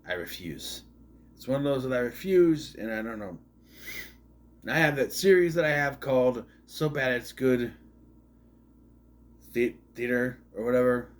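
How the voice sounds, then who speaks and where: Male reviewer, mid-pitched voice, rambling and sarcastic, casual delivery. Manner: rambling, sarcastic, with frequent asides and restarts. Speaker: movie reviewer. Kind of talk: casual spoken movie review.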